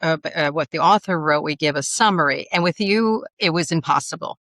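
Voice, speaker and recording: A woman with a New York accent, a podcast co-host introducing a guest's book with expressive, enthusiastic emphasis. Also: low-pitched, a little fast, no echo.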